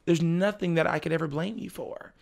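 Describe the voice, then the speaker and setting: A young man chats casually as a podcast guest, telling a story about his family with plenty of laughter. His voice sits a bit high and has a gravelly rasp. He often slips into the voices of his relatives as he tells it. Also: fairly even intonation, brisk.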